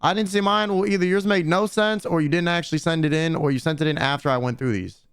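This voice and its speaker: A man's voice: a little high, fast talker, a bit bright, smooth. A young man streaming and chatting casually with viewers in a blunt, slangy way, swearing often.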